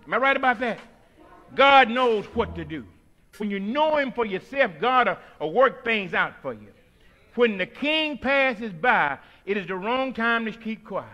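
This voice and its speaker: A man preaching a sermon in a church, whooping and calling out, then dropping to hushed lines. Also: very high voice, expressive, a little slow. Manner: whooping call-and-response preaching, swinging between shouts and hushed lines.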